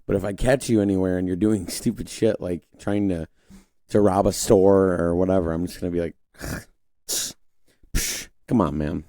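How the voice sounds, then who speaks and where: A man's voice: low-pitched, steady tone, normal speed, mellow, no room sound, clean studio sound. A young man hosting a casual political commentary monologue, rambling with restarts and mocking voices when he quotes others. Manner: conversational, rambling with frequent restarts and fillers. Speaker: podcast host.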